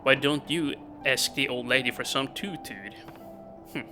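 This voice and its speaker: A man's voice: mid-range voice, unhurried, music in the background, low-quality recording. A man commentating a game casually, reading the text aloud and laughing often. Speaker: let's play gamer.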